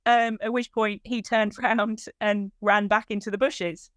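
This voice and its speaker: Her voice sits at medium pitch and her pace is measured, with no room sound in the recording. She recounts the emotional search for her lost dog, acting out the quoted lines in an animated way and lifting her voice when moved.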